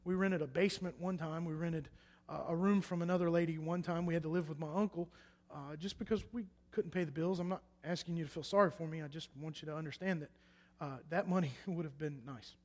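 Man in his twenties, sermon testimony, emphatic then hushed, big reverberant hall. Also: on the high side, steady tone, fast, few pauses. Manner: swings from loud emphatic bursts to hushed quiet lines. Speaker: preacher.

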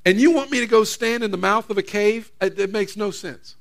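A preacher voicing a panicked, self-pitying male prophet on the run, complaining in rapid exasperated questions. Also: high-pitched, creaky.

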